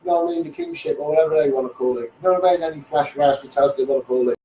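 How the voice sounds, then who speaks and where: A man's voice: a little high, wildly swooping pitch, racing, vocal fry, echoey room, far from the mic, highs cut off, a little hiss or hum. A man with a Scouse accent ranting heatedly into a live stream, repeating himself and swearing often. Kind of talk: impassioned Facebook live rant.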